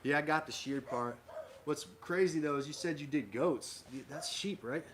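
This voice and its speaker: Chatting with his livestream audience, a host from Minnesota answers their comments in a loose, rambling style full of fillers and false starts. He speaks at a moderate pace in a fairly high voice, over loud background noise punctuated by clicks.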